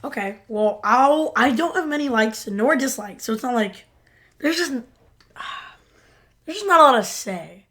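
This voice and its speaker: A woman's voice: on the high side, animated, measured pace, a bit bright. A woman co-hosting a podcast in casual chat, hesitant and rambling. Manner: hesitant, rambling, many fillers. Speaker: podcast co-host.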